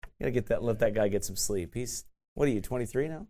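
A man's voice: medium pitch, expressive, fast talker, warm tone. A man teaching a sermon in a conversational way, often tossing in "right?" and laughing at himself. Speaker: pastor.

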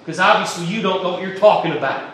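A man's voice: sits high, quick pace, a bit bright, slight background noise. A man preaching a sermon as pastor, folksy and emphatic, joking with the congregation. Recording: echoey room, mic at a distance.

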